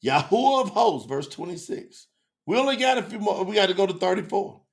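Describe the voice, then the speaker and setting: A middle-aged man teaches scripture to a live online audience. His voice sits high and carries a gravelly fry, and he moves between fervent shouts and hushed, intimate asides. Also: sing-song, fairly quick. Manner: fervent, preacherly, big swings from loud to hushed.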